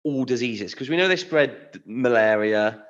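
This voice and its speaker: A British-accented man co-hosting a podcast, talking in a chatty, enthusiastic way with loose, rambling phrasing. His voice sits at an ordinary pitch, and the recording comes through dull and lo-fi. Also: measured pace. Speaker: podcast co-host. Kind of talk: casual chat.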